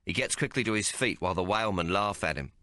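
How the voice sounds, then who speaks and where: A man narrating an audiobook in the first person with rough, colloquial frontier dialect. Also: deep voice, fast, sharp tone, no room sound, studio quality.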